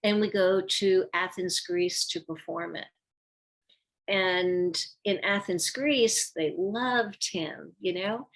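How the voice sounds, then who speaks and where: An older woman, a former ballet dancer, telling stories from her career in a casual interview, acting out the lines of people she quotes. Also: medium pitch. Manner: animated storyteller, acts out quoted lines.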